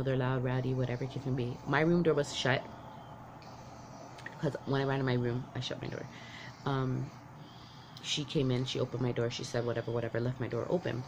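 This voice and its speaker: A woman's voice: rumbling low, noisy background. A woman vlogger telling a personal story from her childhood, candid and rambling, full of "like" and restarts. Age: adult parent.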